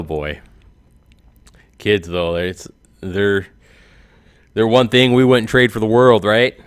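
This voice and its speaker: A man's voice: sits low, steady tone, a little slow, pauses often, a bit bright, clean tone, dry recording. Joking, rambling man in his forties. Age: 40s. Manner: rambling, laughs at his own jokes. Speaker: YouTuber. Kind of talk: joking comedic monologue.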